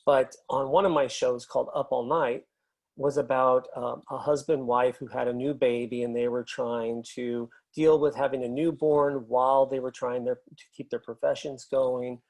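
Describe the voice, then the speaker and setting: A middle-aged man, a film and TV editor, telling relaxed anecdotes as an interview guest, with plenty of fillers. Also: mid-range voice, moderate pace. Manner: relaxed storyteller, many fillers.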